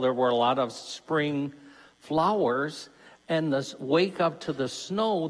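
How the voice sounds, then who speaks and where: Slow-speaking deacon preaching in a church. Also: male voice, a little high. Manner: conversational preaching, asks listeners questions. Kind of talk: Lenten mission talk. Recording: long church reverb.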